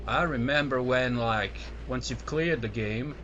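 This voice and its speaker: A man's voice: mid-range voice, measured pace, fairly bright tone. A man with an American accent giving casual let's play commentary, rambling with lots of "like" and "uh". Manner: rambling, full of "like" and "uh". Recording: dull lo-fi mic with clear noise.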